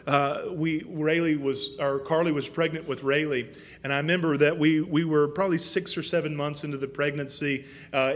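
A male pastor delivering an impassioned sermon, his voice sitting a little higher than most men's. He talks earnestly, doubling back on words as the feeling builds. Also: fairly bright tone.

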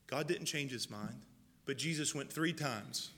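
Bright-voiced man preaching in a hall. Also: medium pitch, moderate pace, husky. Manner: preaching, swings from loud calls to hushed prayer voice. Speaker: pastor. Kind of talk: sermon. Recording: long reverb of a large hall.

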